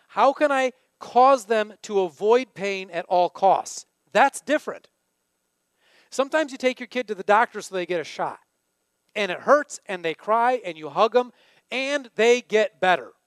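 A man's voice: high-pitched, a bit bright, dry recording. A man preaching a sermon in a conversational way, often putting questions to his listeners. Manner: conversational, asks the congregation questions. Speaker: pastor.

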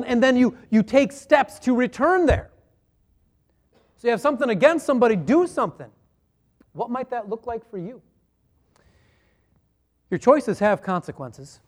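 Male pastor, high voice, earnest conversational sermon delivery, rhetorical questions. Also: a little mellow.

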